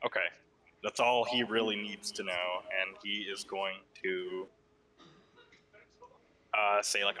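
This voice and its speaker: A man's voice: fairly low pitch, level tone, takes it slowly, long pauses. A man playing in a tabletop game, saying what his character does in a hesitant way. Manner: hesitant, with fillers. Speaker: player.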